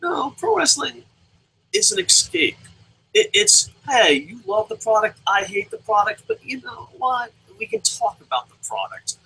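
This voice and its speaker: Animated, bright-voiced young man hosting. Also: very high voice, measured pace, husky, rough recording. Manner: animated, swearing, jumping between loud and mumbled asides. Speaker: show host. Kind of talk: casual live review with reading out viewer comments.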